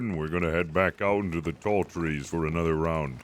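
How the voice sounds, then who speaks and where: A man's voice: deep voice, fairly quick. A man roleplaying a sheriff in an online western game, speaking in character with a drawling, commanding manner. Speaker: streamer playing a sheriff.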